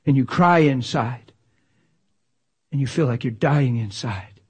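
A man preaching a sermon with passion, swinging from loud exclamations to near-whispers. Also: mid-range voice, measured pace, husky.

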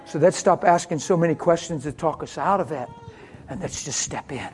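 A preacher delivers a folksy sermon story at a middle pitch, calling listeners "honey." The voice sinks into near-whispers, then bursts into loud, laughing exclamations. There is a faint hiss of noise underneath. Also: normal speed. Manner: homespun and familiar, calls listeners honey.

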